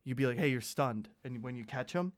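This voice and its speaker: A man's voice: mid-range voice, expressive, a little fast. Young guy rambling thru a story, lots of likes, laughs a bunch. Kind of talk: casual chat.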